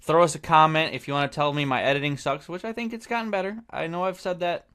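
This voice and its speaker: A man's voice: on the high side, quick pace, a bit bright, clear, resonant tone. A man hosting a podcast in casual chat, rambling and often trailing off to restart his thought. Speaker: podcast host.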